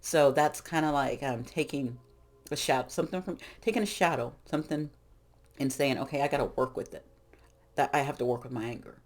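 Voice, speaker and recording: A middle-aged woman who reads tarot chats casually about spiritual growth, speaking frankly and rambling, often breaking off mid-thought to restart. Her voice is very deep and fairly quick.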